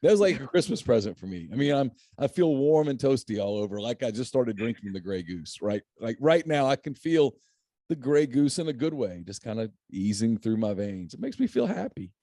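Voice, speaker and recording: A man's voice: mid-range voice, very animated, fairly quick, dark tone, dry recording, clean studio sound. A middle-aged man hosting a casual chat about game picks, joking and laughing often. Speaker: podcast host.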